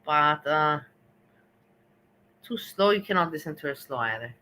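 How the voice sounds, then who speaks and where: A woman giving measured, reflective commentary on a stream, slightly disapproving. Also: low voice, animated, pushed and bright, rough recording. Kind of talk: casual commentary.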